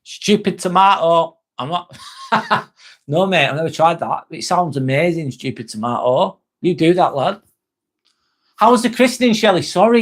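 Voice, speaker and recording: Chatty man on a livestream. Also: fairly high pitch. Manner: chatty, reassuring, apologetic. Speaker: livestream host. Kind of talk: casual live-stream chat reading comments.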